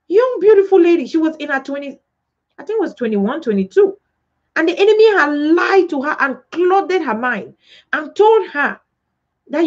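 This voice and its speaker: A woman's voice: very high voice, expressive, moderate pace. A woman pastor preaching a sermon emphatically, asking rhetorical questions and acting out quotes. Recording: dull lo-fi recording.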